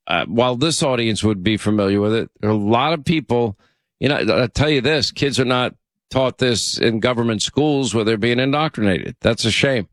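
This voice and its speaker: A man's voice: medium pitch, normal speed, no room sound. A man hosting a talk radio show, chatty and opinionated, bantering with his co-host and taking calls.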